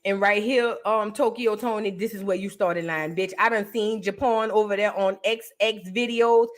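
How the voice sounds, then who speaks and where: A young woman hosting a reaction video, talking with loud, profane and sassy mockery. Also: medium pitch, fairly even intonation, normal speed. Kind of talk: brash gossip commentary.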